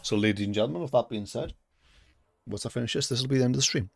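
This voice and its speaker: A young man streaming a racing game live, joking and talking to himself with excitable reactions. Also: medium pitch, rapid-fire, creaky, background noise. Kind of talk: live gaming commentary. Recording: loud game music behind voice. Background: racing game music and engine sounds.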